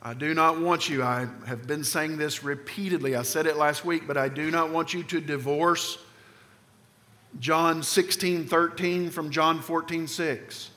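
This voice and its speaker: A man preaching a sermon as pastor, emphatic, often sinking low and quiet at the ends of phrases. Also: fairly even intonation, measured pace. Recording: long hall reverb.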